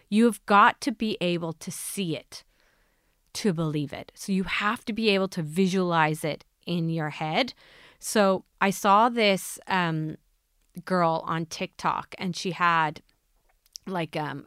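A woman's voice: on the low side, fairly bright tone, clear, resonant tone, no room sound, clean studio sound. Earnest woman coaching listeners. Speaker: podcast host. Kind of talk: motivational podcast talk.

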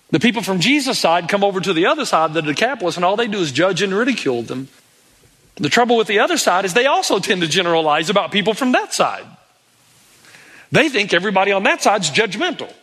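Middle-aged man, pastor, animated sermon delivery, bright tone. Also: high voice. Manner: animated preaching, acts out pleading voices of Bible characters.

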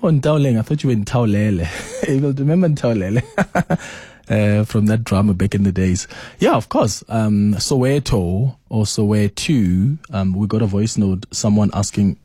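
A man's voice: warm tone, breathy edge, no echo, studio quality. A man hosting a call-in radio show, reading listener messages and questioning with earnest concern. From South Africa. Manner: earnest, questioning, rises in pitch when making a point. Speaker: radio talk show host.

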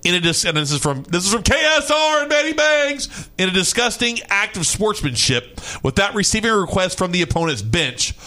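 A young man from Kentucky co-hosting a sports talk radio show, ranting and excitable, quick to shout. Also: high-pitched.

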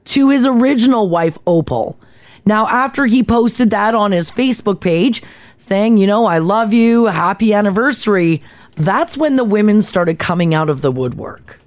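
A woman co-hosting a morning radio show, telling a story in a lively, animated way. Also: mid-range voice, moderate pace. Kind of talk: casual morning show chat.

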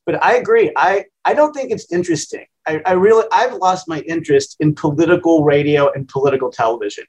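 A radio host in his fifties answers interview questions plainly and casually, as if chatting at a kitchen table. His voice is a little high for a man and a little mellow, expressive and brisk, and the audio is poor. He stays self-deprecating and easygoing.

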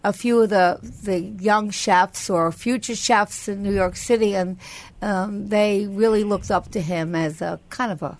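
A woman hosting a chatty radio talk show, lively and exclamatory. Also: medium pitch, measured pace. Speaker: radio host. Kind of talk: casual chat.

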